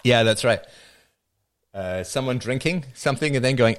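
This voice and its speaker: A man's voice: medium pitch, lively intonation, normal speed. A middle-aged man hosting a livestream, reading viewer comments aloud and answering them with dry, wry jokes. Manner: dry joking, wry asides. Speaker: livestream host.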